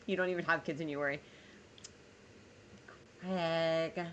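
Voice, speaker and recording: A woman live-streaming a game, thinking aloud emotionally and warmly thanking her viewers. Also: sits low, steady tone, unhurried, pauses often, slight background noise. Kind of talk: live-streamed gameplay chat.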